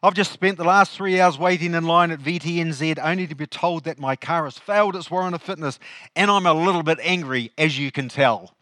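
A preacher doing a flustered, apologetic customer. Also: male voice, a little high, sharp tone, no echo, studio quality. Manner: hurried apology. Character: flustered apologetic man at a shop counter.

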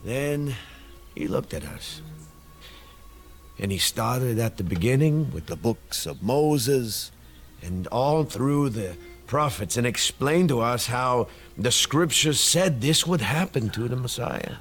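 A man's voice: medium pitch, expressive, takes it slowly, soft background music. A man playing a folksy older disciple in a church comedy skit, telling the tale with homespun sayings. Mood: wry.

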